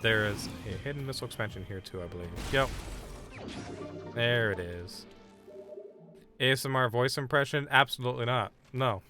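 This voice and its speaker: A man's voice: mid-range voice, moderate pace, pauses often, music in the background. A man streaming a game live, chatting casually and bluntly brushing off requests from chat. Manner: blunt, dismissive banter with chat.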